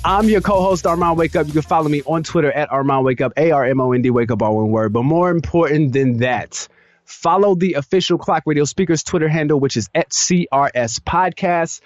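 A man co-hosts a podcast in loose, joking banter, laughing easily and rattling off plugs. His voice sits a little on the high side. It is recorded close and dry, with no room sound. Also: fairly quick, dry recording, faint music behind. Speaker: podcast co-host.

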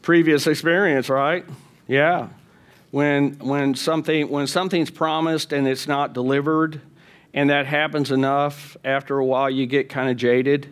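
A man's voice: medium pitch, level tone, moderate pace, clear, resonant tone. A man preaching a sermon in a conversational way, often asking the congregation rhetorical questions. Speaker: pastor.

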